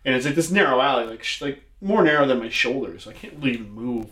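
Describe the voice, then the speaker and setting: Man, casual storyteller, rambling, lots of swearing, echoey room, mid-pitched voice. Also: fast talker, fairly bright tone. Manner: rambling storyteller, heavy swearing and filler words. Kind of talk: casual chat.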